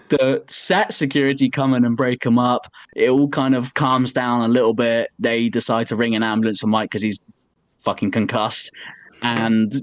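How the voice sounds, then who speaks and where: A man on a podcast, chatting casually and telling an animated story full of swearing and "like" fillers. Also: medium pitch, no room sound. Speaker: podcast co-host. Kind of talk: casual chat.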